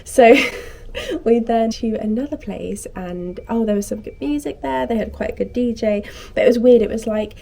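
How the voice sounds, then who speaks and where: Speaking at normal speed, a young woman in her twenties has a warm voice on the high side with vocal fry. Chatting casually to camera as a vlogger, she animatedly tells a story and acts out each person's lines.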